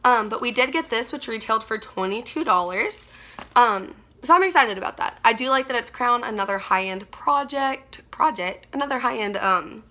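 An excitable young woman rambles through a beauty unboxing, gushing over every item. Her voice sits fairly high and sounds bright and sharp. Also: normal speed. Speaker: beauty vlogger. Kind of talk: casual unboxing chat.

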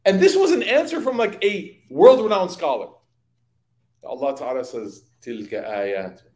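A man giving an evening religious study talk, telling lively stories and speaking directly to his audience. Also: high voice, normal speed, roomy sound. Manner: lively anecdotal storytelling, addressing audience. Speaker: religious teacher. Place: community hall.

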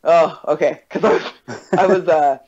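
A podcast host in casual conversation, telling stories in an animated way and acting out quoted exchanges. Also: mid-range voice, moderate pace. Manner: animated storyteller, acts out quotes. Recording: dull lo-fi recording.

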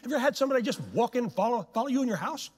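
A male guest preacher delivering a sermon in a church, telling stories in an animated, dramatic way. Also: very high voice, rapid-fire, husky. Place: church sanctuary. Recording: long hall reverb in church.

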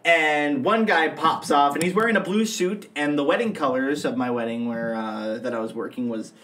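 A man's voice: a little high, moderate pace. A man co-hosting a comedy podcast, rambling through a story with casual swearing. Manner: rambling, swears freely, animated retelling. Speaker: podcast co-host and wedding MC.

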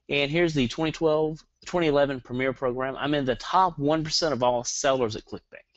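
A Southern man runs a live online webinar on marketing, hyperactive and full of energy, hitting his audience with rhetorical questions. He speaks at medium pitch, and the audio is dull with no echo.

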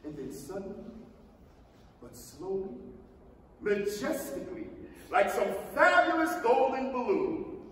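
A man giving a theatrical staged reading of a children's novel, with an animated storytelling manner. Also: high-pitched, unhurried, long pauses. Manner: animated, theatrical storytelling with shifting character voices. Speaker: reader. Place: theatre stage before an audience. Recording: echoey hall, mic far off.

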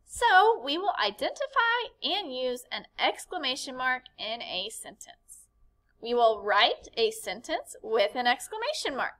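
A woman teaches a lesson to young children in a high, bright voice. Her pitch leaps all over as she acts out each exclamation with big expression. She takes her time and speaks slowly. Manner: animated and expressive, acting out exclamations. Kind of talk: elementary classroom lesson.

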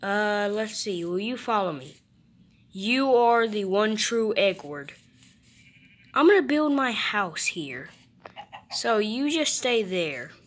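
Slow, playful young woman gaming. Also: mid-range voice, big pitch swings. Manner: playful, chatty, talks to game animals. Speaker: gamer. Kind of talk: gameplay commentary.

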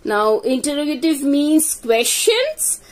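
A woman's voice: high voice, very animated, slow. A woman teaching an English grammar lesson, patiently repeating example sentences and checking in with "okay?". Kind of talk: slow explanatory grammar lesson.

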